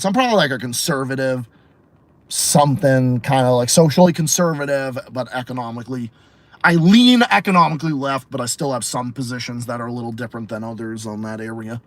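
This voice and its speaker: A man's voice: mid-range voice, a bit bright, dry recording. A man from Massachusetts with a Massachusetts accent, hosting a livestream podcast and ranting bluntly with heavy swearing while answering chat. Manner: profane, blunt and opinionated. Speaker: podcast host.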